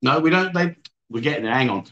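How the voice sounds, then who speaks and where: A man's voice: medium pitch, animated, quick pace, fairly bright tone, muffled recording. A man hosting a casual livestream, reading viewer comments aloud and joking with his guests. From England. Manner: teasing, joking banter with guests. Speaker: livestream host.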